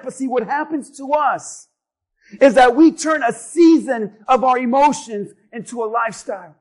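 A male pastor preaches with a strikingly high voice. He delivers the sermon emphatically, hammering his points home through repetition and rising to a forceful push on key phrases. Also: moderate pace, poor audio.

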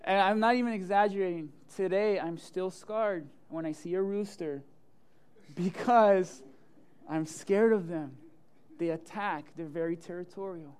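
A young male pastor, preaching a sermon full of jokey personal stories and swinging from loud to hushed. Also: high-pitched, fairly even intonation, normal speed, clear, resonant tone. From Hialeah, Florida area.

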